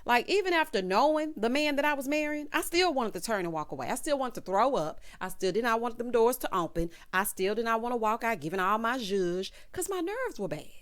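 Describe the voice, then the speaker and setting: A woman's voice: a little high, very animated, fairly quick, hardly any pauses. A woman hosting a casual, sassy recap of a reality show, calling her viewers child and honey.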